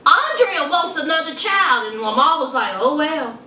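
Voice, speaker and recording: A woman's voice: high-pitched, very animated, normal speed, bright, forceful tone, recorded from a distance, a little hiss or hum. A woman recapping a reality show in a casual vlog, sassy and gossipy, teasing her viewers and calling them child and honey. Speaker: reality TV reviewer. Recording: echoey room, mic set back.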